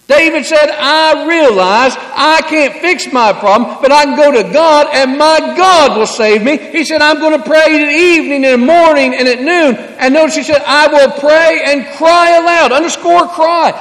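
A man preaching a sermon, swinging from hushed, quiet passages to loud, emphatic declarations. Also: very high-pitched, moderate pace, few pauses. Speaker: pastor. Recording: echoey hall.

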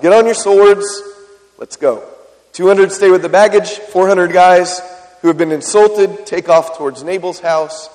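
High-voiced man preaching in a hall. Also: darkish tone. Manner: conversational preaching with frequent questions to the congregation. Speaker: pastor. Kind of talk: sermon.

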